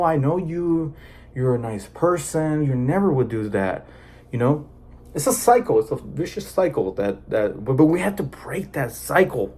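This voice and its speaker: A man's voice: medium pitch, mellow, husky. A man talking casually and earnestly to his viewers, rambling with many fillers and restarts. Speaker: vlogger sharing personal experience. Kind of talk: casual personal talk to camera.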